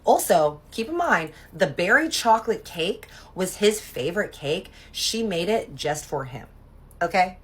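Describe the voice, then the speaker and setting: A woman's voice: fairly low pitch, sing-song, a little slow, breathy edge. A young adult woman telling a personal story in a casual, gossipy, profane way.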